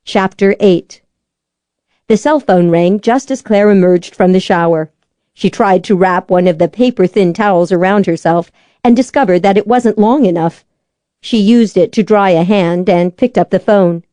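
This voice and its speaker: Woman reading an audiobook, mellow warm tone, dry close mic, steady storytelling. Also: medium pitch, no room sound. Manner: measured, even storytelling. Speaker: audiobook narrator. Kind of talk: scripted audiobook narration.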